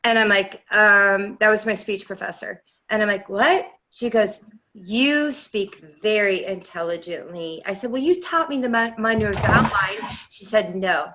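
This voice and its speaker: A woman's voice: mid-range voice, lo-fi sound, noisy background. A middle-aged woman on a discussion panel, telling a long personal story in a rambling, enthusiastic way. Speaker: panel guest. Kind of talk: round-table discussion.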